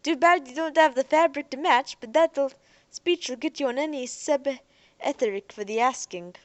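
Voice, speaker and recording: Woman doing a loud slangy young city guy. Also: high voice, moderate pace, dry recording, pitched above the performer's own voice, lightly acted. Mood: cheerful, excited. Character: brash cheerful young slang-talking male city dweller.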